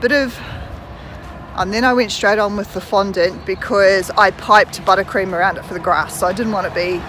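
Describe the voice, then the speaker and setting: A woman's voice: medium pitch, fairly even intonation, moderate pace, fairly bright tone, slight background noise, low-quality recording. A woman in her thirties from New Zealand with a New Zealand accent, chatting casually as a vlogger while walking outdoors and filming on a phone. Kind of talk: casual chat.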